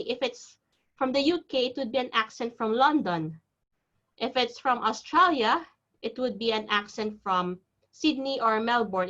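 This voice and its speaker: A woman with a Filipino accent gives an online lecture in a fairly high voice, repeating points and restarting sentences as she explains. The sound is dull and lo-fi, as heard over a video call. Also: a bit bright. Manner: repetitive, explanatory, frequent restarts. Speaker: English test teacher.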